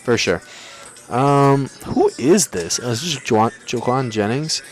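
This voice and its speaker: A man's voice: medium pitch, lively intonation, measured pace, soft background music. A young man hosting a livestream, ranking players in casual, slangy banter and talking back to his chat. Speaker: livestream host.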